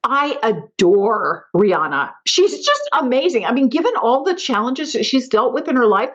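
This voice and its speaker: A woman's voice: a little high, sing-song, moderate pace, a bit bright, lo-fi sound. A middle-aged woman hosting a podcast, giving an emphatic motivational talk and repeating mantras. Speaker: podcast host.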